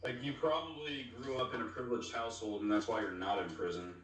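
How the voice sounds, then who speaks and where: A man's voice: medium pitch, fairly even intonation, fast talker, fairly bright tone. A drunk man arguing on a livestream in a mocking, insulting way. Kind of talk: livestream argument. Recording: very echoey, far from the mic.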